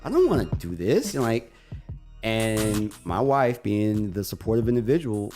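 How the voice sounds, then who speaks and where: A man co-hosting a radio talk show, telling a long personal story in a lively, animated way and acting out the other people's lines. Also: lowish voice, normal speed, soft background music.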